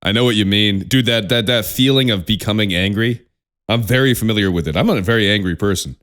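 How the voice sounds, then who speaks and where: A young man co-hosting a podcast in casual chat, animated and profane, laughing often. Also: on the low side, fairly quick. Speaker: podcast co-host.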